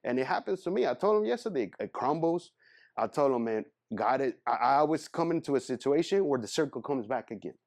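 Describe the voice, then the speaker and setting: A man's voice: medium pitch, lively intonation, fairly quick, creaky, a little mellow. A man in his thirties giving a casual motivational talk as a guest speaker, earnest and rambling, often calling people "man".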